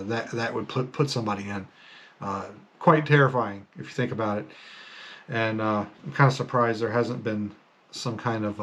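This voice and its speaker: A man's voice: medium pitch, fairly bright tone. A man hosting a podcast, telling stories in a casual, rambling way with many fillers and restarts. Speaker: podcast host. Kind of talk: casual storytelling monologue.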